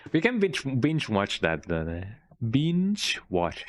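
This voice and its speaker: Male streamer, casual chatty play-by-play, animated rising and falling pitch, habitual "eh?" tag and restarts. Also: slow. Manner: rambling, frequent "eh?" tag and restarts. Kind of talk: casual gameplay commentary.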